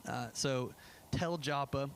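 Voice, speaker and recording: A man's voice: medium pitch, takes it slowly, creaky, slight background noise. Chatty man giving a church slideshow talk. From United States. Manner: chatty, enthusiastic, many fillers and restarts. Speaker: pastor. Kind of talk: casual church presentation. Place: church sanctuary.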